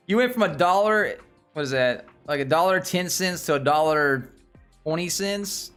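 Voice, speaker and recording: A man's voice: fairly high pitch, very animated, moderate pace, a bit bright, faint music behind. Southern-twanged man rambling about stocks. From Nashville, Tennessee. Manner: rambling, slangy, thinks aloud. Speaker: stock stream host. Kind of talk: casual live-stream chat.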